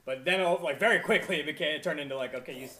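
A man's voice: fairly high pitch, very fast, a loud crowd. A man hosting a casual podcast, rambling with lots of fillers and casual swearing. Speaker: podcast host.

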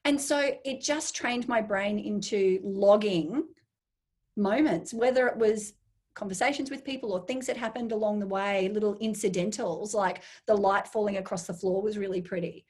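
A woman guest in a casual interview, talking enthusiastically and acting out her own inner voice in quick asides. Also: mid-range voice, a little mellow, breathy edge.

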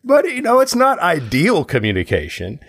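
Male co-host, playful explainer with a very lively, swooping voice, dry studio sound. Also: fairly high pitch, moderate pace, creaky, no room sound. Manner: explains through playful hypotheticals, chuckling. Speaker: podcast co-host. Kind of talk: casual chat.

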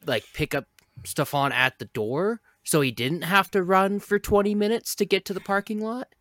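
A man's voice: high-pitched, normal speed, a bit bright, dry recording. Hesitant man in a dry room. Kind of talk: casual chat.

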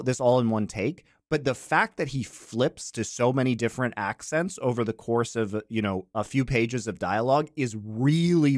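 A man's voice: mid-range voice, no echo, clean studio sound. A man hosting a podcast, chatting casually and explaining with enthusiasm. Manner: enthusiastic, explanatory, many fillers. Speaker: podcast host.

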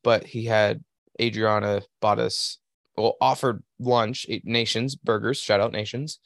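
A man's voice: on the low side, fairly even intonation, unhurried, gravelly, no room sound, clean studio sound. A young man on a podcast telling a rambling work story in a casual, profane way. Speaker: podcast host. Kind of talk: casual chat.

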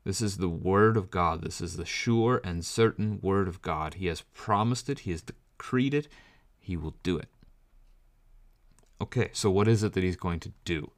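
Deep-voiced man preaching, close and dry. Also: no room sound. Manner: emphatic, explanatory, reads scripture slowly. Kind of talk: bible study sermon.

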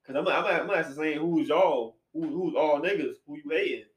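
A man hosting a casual podcast chat, animated and slangy, swinging between loud bursts and quiet asides. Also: fairly high pitch, a little fast. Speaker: podcast host. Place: apartment room. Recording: echoey room.

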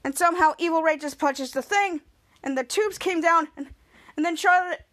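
A woman's voice: very high voice, moderate pace, fairly bright tone. A woman hosting a podcast, recapping a show in a rambling, enthusiastic way, stringing events together with "and then". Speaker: podcast host.

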